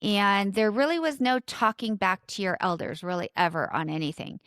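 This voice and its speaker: A woman's voice: mid-range voice, expressive, moderate pace, a bit bright, dry recording. A woman in her fifties with a Southern California accent, hosting a personal storytelling podcast in a reflective, conversational way with light self-deprecating asides. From born in South Korea, raised in Southern California. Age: 50s. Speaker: podcast host.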